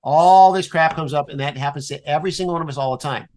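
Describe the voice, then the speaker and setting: A man guest on a podcast, explaining an improv exercise in a playful, animated way and swearing casually. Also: fairly high pitch, quick pace.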